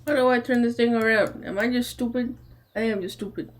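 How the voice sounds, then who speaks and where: Woman gamer, loud excitable chatter, self-mocking, fairly high voice. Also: a little fast, faint music behind. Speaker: streamer. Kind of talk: casual live gameplay chatter.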